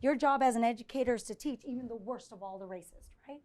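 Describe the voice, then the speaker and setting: Woman professor, high voice, live lecture with audience questions, chatty and animated, keeps asking "right?". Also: fast talker. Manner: conversational, often checks in with 'right?'; animated, acts out quoted exchanges. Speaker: visiting professor giving a presentation.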